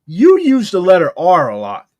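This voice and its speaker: A young man hosts a laid-back podcast, talking loosely, swearing freely and leaning on "like." His voice sits a bit higher than most men's, and the close mic sounds dry. He is from St. Louis. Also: huge pitch swings, normal speed, a little mellow, no echo. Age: young adult. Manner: loose and profane, heavy on "like". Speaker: podcast host. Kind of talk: casual podcast chat.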